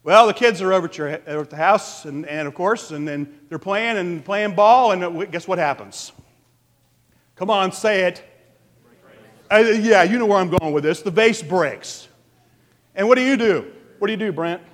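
A man pastor delivering an animated sermon, asking the congregation questions. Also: sits high, normal speed. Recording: long reverb of a large hall.

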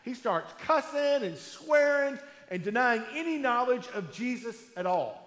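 A man preaching a sermon in a conversational storytelling way, with emphatic pauses, in a large hall. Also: very high-pitched, very animated, fairly bright tone. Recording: echoey hall with long reverb.

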